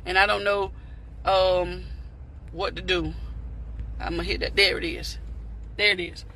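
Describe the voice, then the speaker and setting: A woman giving an impassioned motivational talk on a live stream, repeating phrases and breaking into shouts. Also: on the low side, level tone, a little slow. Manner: fervent, preachy, repeats phrases, bursts into shouts; addresses viewers as "beautiful people".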